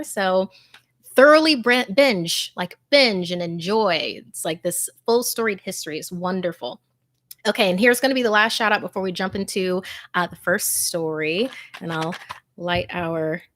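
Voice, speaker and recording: A woman hosting a scary story channel, chatting casually and effusively with her viewers in a warm, emotional way full of fillers. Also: medium pitch, no echo. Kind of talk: casual livestream chat with viewer shout-outs.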